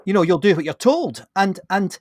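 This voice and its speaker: Man, podcast host, blunt and lively, slightly high voice, dry close mic. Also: normal speed, no room sound. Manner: animated, blunt, many restarts. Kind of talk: casual conversation.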